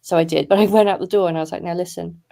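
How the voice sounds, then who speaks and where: Over a video call, a woman appearing as a podcast guest tells stories in a frank, matter-of-fact way during a casual chat. Her fairly low voice is gravelly and warm, with fairly even intonation, and she speaks very fast.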